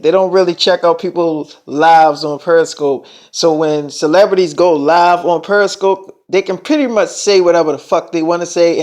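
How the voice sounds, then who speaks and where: A young man spins a long story for his viewers in a casual vlog. His voice sits high for a man, and he talks emphatically and swears often. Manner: profane, fast-talking, emphatic storyteller. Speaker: vlogger.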